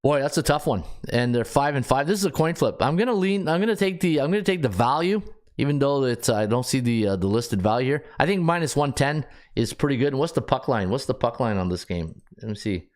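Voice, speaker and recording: Expressive and a little fast, a medium-pitched man works through stats out loud on his sports betting podcast. The casual solo analysis is full of restarts and filler words.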